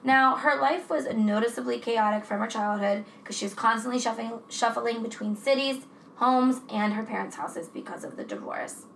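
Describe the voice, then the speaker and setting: A woman's voice: on the high side, moderate pace, gravelly, a bit bright. A woman co-hosting a podcast in a casual, chatty way, swearing freely. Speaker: podcast co-host. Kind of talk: casual true-crime chat. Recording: echoey room with faint noise.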